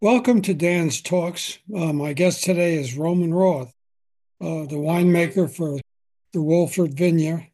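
An older man hosts an interview podcast from his home, his voice sitting a little high. He opens with a measured, scripted welcome, then moves into plain, direct questions for his guest. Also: dark tone. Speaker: podcast host.

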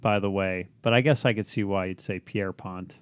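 A man, the show's producer, chiming in with deadpan asides in a radio studio. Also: fairly low pitch, brisk, smooth, no echo. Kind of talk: deadpan banter.

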